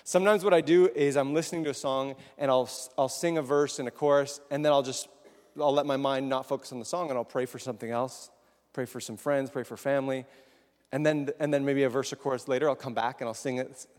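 A preacher's medium-pitched, slightly mellow voice moves at a quick pace with fairly even intonation. He chats casually and questions the congregation, his words echoing with long reverb in a large hall.

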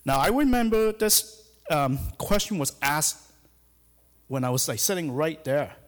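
A man's voice: a little high, lively intonation, unhurried. Hesitant man preaching in a reverberant hall. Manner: hesitant, many fillers and restarts. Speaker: hospital chaplain giving a church sermon. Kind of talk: sermon. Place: church sanctuary.

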